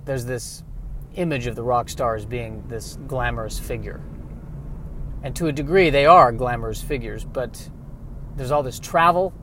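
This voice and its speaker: A man's voice: mid-range voice, a little slow, fairly bright tone, slight background noise. A man riffing in a meandering, wry comic monologue while driving. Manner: meandering, self-interrupting, wry. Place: inside a car while driving.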